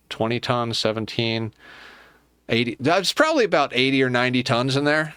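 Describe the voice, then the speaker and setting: A man's voice: mid-range voice, big pitch swings, moderate pace, pushed and bright, clear, resonant tone, no room sound. A man streaming a colony-building game, talking to himself in a casual, muttering way as he plans and fixes things. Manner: muttering to himself while planning. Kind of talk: casual gameplay commentary.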